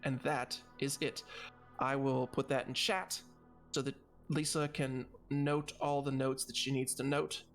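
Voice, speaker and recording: Man, game master, matter-of-fact narration, tabletop game, middle pitch. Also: flat delivery, a little slow, a bit bright, soft background music.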